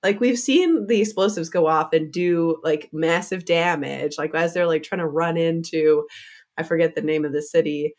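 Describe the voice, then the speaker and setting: A woman with a somewhat low voice co-hosts a relaxed book discussion. She talks in a loose, chatty way, often laughing and using filler words. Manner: chatty, full of "like" and quick laughs. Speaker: podcast co-host.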